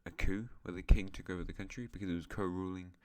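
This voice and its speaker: A man's voice: deep voice, steady tone, fast, a little mellow, clean tone. A man hosting an alternate-history map series, narrating in a rambling, chatty way with self-mocking asides. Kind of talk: casual map-game commentary.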